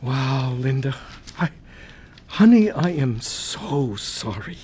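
A gentle, caring husband. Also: male voice, medium pitch, very animated, takes it slowly, a little hiss or hum. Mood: tender. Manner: caring, reassuring.

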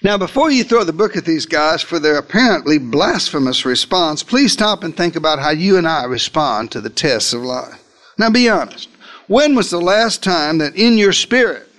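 A man with a high-pitched voice delivers a sermon as a vivid first-person retelling. He is theatrical, and his pitch and pace swing widely. Dry humorous asides break up the drama. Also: fairly bright tone. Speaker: preacher.

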